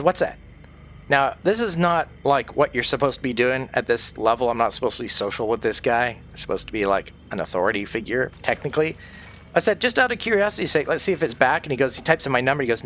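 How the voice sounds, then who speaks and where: A man streams his game and spins a long rambling yarn in a conspiratorial tone, cursing casually along the way. His voice sits at an ordinary middle pitch, with soft music playing faintly behind him. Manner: rambling, conspiratorial storyteller who swears freely. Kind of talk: casual livestream storytelling while gaming.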